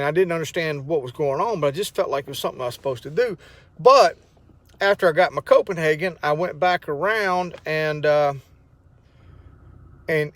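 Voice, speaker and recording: A middle-aged man, telling a personal testimony in a rambling, emotional way with many restarts. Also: on the high side. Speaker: vlogger sharing a testimony. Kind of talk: casual spoken testimony.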